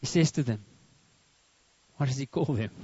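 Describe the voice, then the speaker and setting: A man's voice: medium pitch, moderate pace, husky, no echo, dull audio. A man preaching a sermon to a congregation, often stopping to ask them questions. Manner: lively, asks the congregation questions. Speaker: pastor.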